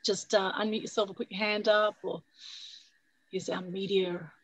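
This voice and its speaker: A woman with a husky voice hosting an online meetup, energetic and coaxing, often adding "right?" over a video call. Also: medium pitch, moderate pace, poor audio. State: husky from a recent flu. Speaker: meetup host. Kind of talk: upbeat motivational talk on a video call.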